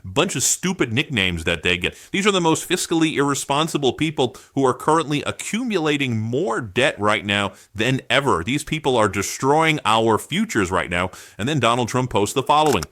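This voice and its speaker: A man giving sarcastic political commentary, firing off rhetorical questions in an animated way. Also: mid-range voice, a little fast, no room sound, clean studio sound.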